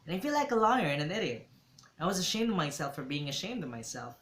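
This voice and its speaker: Guy doing a sincere funny teen boy, lifted a bit higher, slightly hoarse, echoey room. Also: sing-song, fast, a bit bright. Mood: earnest. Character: earnest, funny teenage boy swimmer. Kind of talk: reading a novel aloud. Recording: roomy echo.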